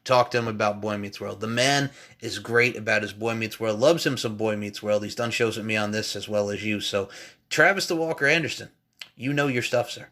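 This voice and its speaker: A man in his thirties hosting a casual podcast chat, animated and quick to jump into high-pitched exclamations and laughter. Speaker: podcast host.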